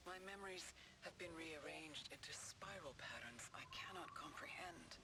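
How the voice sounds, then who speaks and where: A woman's voice: sits low, lively intonation, normal speed, very noisy. A woman voicing a haunted figure's recorded log in a cryptic, eerie whisper, heard as distant game audio. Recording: game audio, far, under loud ambience.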